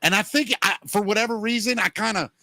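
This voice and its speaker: Man, podcast host, high bright voice, dry close sound, rambling storyteller. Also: fast talker, creaky, no echo. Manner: rambling, anecdotal, lots of "you know". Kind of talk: casual chat, storytelling.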